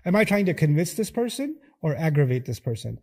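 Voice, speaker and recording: A man delivers a lecture with a husky, mellow voice, slightly higher than most men. He speaks with animation and breaks into quoted dialogue, playing out both sides of an exchange. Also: sing-song, fairly quick. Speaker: speaker giving a talk. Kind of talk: lecture on scripture.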